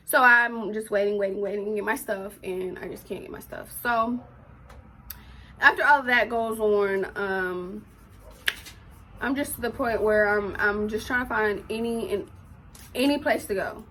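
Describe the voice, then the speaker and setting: A teenage girl, telling a personal story in an emotional, animated way for her vlog. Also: medium pitch, moderate pace, slight background noise. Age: teens. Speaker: vlogger.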